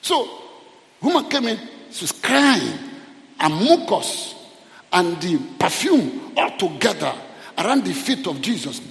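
A man preaches to his congregation, pleading and urging them on. His voice sits high and swings widely in pitch. He is recorded in a roomy church hall with a long, ringing echo. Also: big pitch swings, unhurried, gravelly, fairly bright tone. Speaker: pastor. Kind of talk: sermon. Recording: echoey hall reverb.

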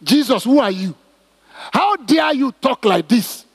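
Preacher in an echoing hall. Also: male voice, very high voice, measured pace, slightly rough. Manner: emphatic, repetitive, animated preaching with stammered restarts. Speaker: pastor. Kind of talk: sermon.

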